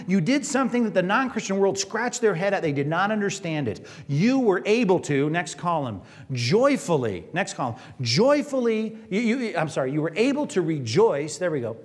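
Lively, animated preaching man. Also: high-pitched. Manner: conversational, asks the congregation questions. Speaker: pastor. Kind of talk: sermon. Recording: reverberant hall.

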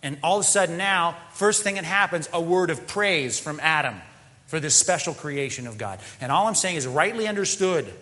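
A man preaching a sermon as pastor, animated, often slipping into mock quoted voices. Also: fairly high pitch. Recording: long hall reverb.

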